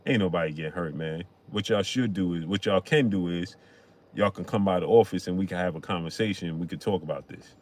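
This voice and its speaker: A man putting on an impression of a calm music mogul who is smoothing things over in a low, soothing voice. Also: brisk, lightly acted. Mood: placating.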